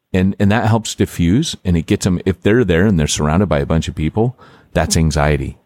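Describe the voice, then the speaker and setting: A deep-voiced man chats on a podcast, animated and loose, peppering his talk with "like" and restarting his sentences. The sound is close and dry, with no room around it. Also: fairly quick, dry recording. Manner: animated, filler-heavy, lots of "like" and restarts. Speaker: podcast host and church planter. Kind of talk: casual podcast chat.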